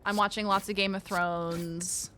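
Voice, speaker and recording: A woman's voice: mid-range voice, flat delivery, measured pace, bright, forceful tone, slight background noise. A woman streaming a card game, chatting playfully with her viewers, swearing and reading card text aloud as she plays. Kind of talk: casual live-stream chatter while playing.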